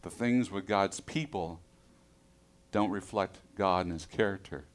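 A man preaching a sermon, reading scripture with joking asides, his loudness swinging from quiet to emphatic. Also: deep voice, unhurried. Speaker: pastor.

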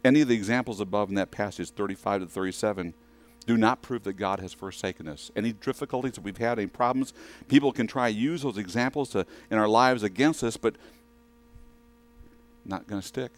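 A man's voice: fairly low pitch, fairly quick. A man preaching a sermon in a conversational way, often asking the congregation questions. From western United States.

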